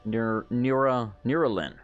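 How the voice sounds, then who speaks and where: A man's voice: mid-range voice, measured pace, lo-fi sound, soft background music. An Englishman with an English accent, giving rambling, jokey let's play commentary over a game and bantering with its characters. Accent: English, self-described as unusual. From England. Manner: rambling, joking, sweary banter. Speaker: gameplay commentator.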